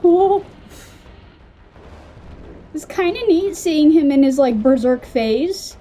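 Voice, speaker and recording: Excitable woman gamer, casual play commentary, high lively voice, reacts out loud. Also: slow pace, faint music behind. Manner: excitable, talks to the game, squeals and laughs. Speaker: gamer playing on a video channel.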